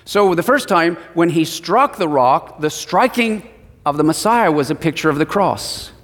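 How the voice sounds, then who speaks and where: Preacher guy, kinda high voice, chatty storytelling sermon, big echoey hall. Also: lively intonation, normal speed, a bit bright. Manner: conversational storytelling with acted quotes. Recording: long hall reverb.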